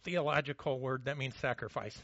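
Male pastor, conversational sermon with self-mocking humor, bright forceful tone. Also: mid-range voice, a little fast, vocal fry, dry recording, lo-fi sound.

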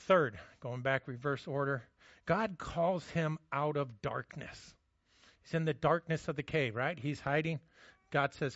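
A man preaching a sermon, telling a story with energy and dropping to a hush for the quiet moments. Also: fairly high pitch, a little slow, no echo, muffled recording. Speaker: pastor.

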